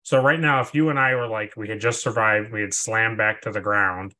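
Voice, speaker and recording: A man co-hosting a podcast, recapping a TV episode in casual chat and acting out scenes in a jokey, animated way. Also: fairly low pitch, brisk. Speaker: podcast co-host.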